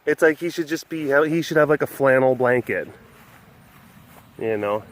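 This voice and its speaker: A man's voice: mid-range voice, normal speed. A man hosting a casual walk-around webcast outdoors at an animal facility, rambling with lots of fillers and restarts. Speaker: vlog host.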